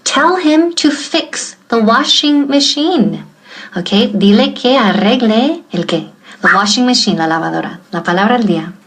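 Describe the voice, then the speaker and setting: A woman teaching an English class, slowly and deliberately drilling example sentences and switching between explanation and repetition. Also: fairly high pitch, animated, a bit bright, rough recording. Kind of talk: bilingual language lesson.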